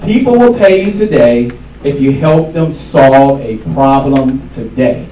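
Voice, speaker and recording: A man giving a live sales seminar to an audience, energetic and repeating his key lines for emphasis. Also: medium pitch, unhurried. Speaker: sales trainer. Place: event room with an audience. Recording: echoey room from far off, faint hiss.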